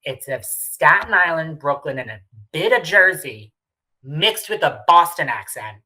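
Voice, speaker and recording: A woman's voice: deep voice, expressive, a little slow, pushed and bright, poor audio. A woman co-hosting a casual podcast chat recapping reality TV, emphatic and swearing freely. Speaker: podcast co-host.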